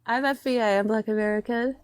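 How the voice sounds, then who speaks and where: A woman's voice: fairly high pitch, steady tone, fast, clear, resonant tone. A young woman from western Pennsylvania calling into a live stream, defensive and pushing back with questions. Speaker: caller.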